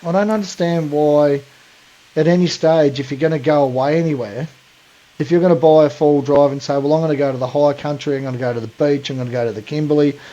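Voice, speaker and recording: An Australian man co-hosting a podcast speaks in a mellow voice on the high side, recorded with a muffled sound. In casual chat he's blunt and ranting, and he calls people mate a lot.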